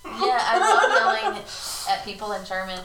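A woman's voice: a little high, big pitch swings, moderate pace, crowd noise. A woman co-hosting a casual true-crime podcast, bubbly and laughing often as she goes off on tangents. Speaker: podcast co-host. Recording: roomy, distant mic, faint noise.

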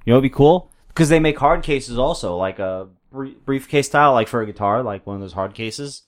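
A man's voice: mid-range voice, expressive, brisk. A man co-hosting a casual wrestling podcast, recapping events from his notes in a laid-back way with casual swearing. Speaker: podcast co-host. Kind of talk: casual chat.

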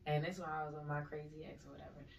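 A woman's voice: low voice, flat delivery, very fast, creaky, slight background noise. A woman in casual chat who tells a story in a blunt, slangy, profane way. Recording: echoey room, mic at a distance.

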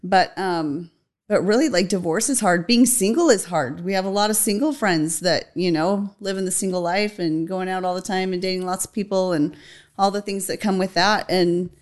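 A woman co-hosting a casual podcast. She talks in a loose, conversational way, laughs lightly and often, and fills her sentences with little pauses. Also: fairly low pitch. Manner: giggly, conversational, many fillers like "um" and "like". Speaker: podcast co-host. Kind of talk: casual chat.

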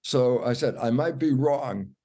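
An older man, a cell biologist guest, telling a story with animated, acted-out quotes and laughter. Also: mid-range voice, a little slow. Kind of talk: storytelling in an interview.

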